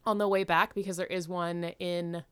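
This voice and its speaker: A woman's voice: lowish voice, flat delivery, normal speed, a bit bright, smooth. A woman co-hosting a podcast in a casual chat, telling stories in a bubbly, upbeat way. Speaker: podcast co-host.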